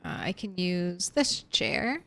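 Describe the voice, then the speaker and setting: A woman's voice: lowish voice, lively intonation, slow. A young woman streaming a zombie survival game, chatting casually with viewers and laughing often. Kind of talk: casual gameplay commentary.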